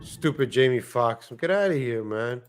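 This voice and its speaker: A man's voice: mid-range voice, lively intonation, moderate pace, clean tone, faint music behind. A man hosting a casual livestream, chatting and joking in rambling asides. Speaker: livestream host. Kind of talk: casual live-stream commentary.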